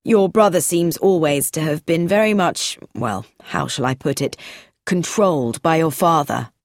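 A woman doing a calm, probing inspector. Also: low voice, dry recording, clean studio sound. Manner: measured and persistent.

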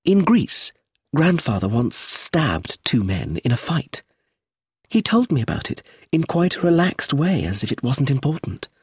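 A man voicing a tense young woman of a wealthy family, speaking earnestly and uneasily in a raised, husky storybook voice. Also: a little high, sing-song, unhurried, dry recording, clean studio sound, pitched above the performer's own voice, full character voice. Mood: reflective. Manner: earnest, uneasy, quietly intense.

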